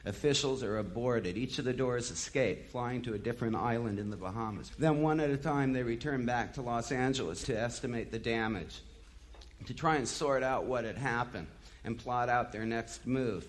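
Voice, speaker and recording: Bitter, impassioned male storyteller. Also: mid-range voice. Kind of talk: first-person dramatic monologue.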